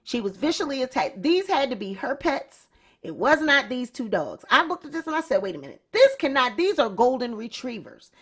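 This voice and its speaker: Woman, gossip host, lively pitch, fairly high voice. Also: fairly quick, slightly rough. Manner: animated, breaks into uncontrollable laughter. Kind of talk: casual commentary reading news.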